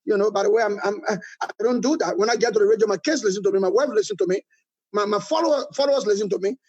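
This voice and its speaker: A middle-aged Liberian-accented man, the leader of a political movement, answers a guest interview with emphatic criticism, repeating his points to drive them home. His voice sits high and a little mellow, and he talks very fast; the recording has its highs cut off.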